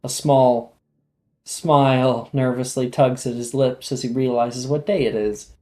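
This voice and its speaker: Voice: medium pitch, fairly even intonation, a little slow, a little mellow. A game master narrating a tabletop game in a casual, rambling way. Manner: casual, rambling with fillers and laughs.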